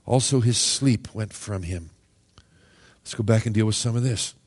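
A middle-aged man preaching a sermon, animated and joking, now and then acting out the voices of Bible figures. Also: on the low side, moderate pace, breathy edge. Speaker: pastor.

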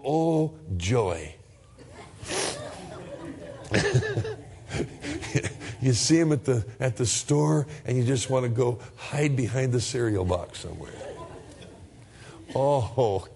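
A male pastor with vocal fry preaches a sermon, first reading scripture aloud and then speaking in a lively, conversational manner. At times his pitch leaps high as he acts out everyday exchanges.

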